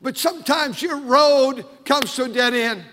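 An older man preaching a fervent sermon, his high, bright voice pressing hard on each point. The words hang in the long reverb of a big church sanctuary. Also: measured pace. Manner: fervent preaching, rising to shouted emphasis. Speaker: pastor.

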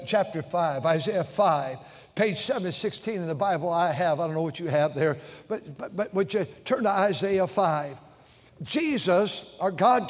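Male pastor, high voice, fiery sermon delivery in a reverberant church hall. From United States. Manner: impassioned preaching, swings from shouts to hushed tones. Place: large church sanctuary.

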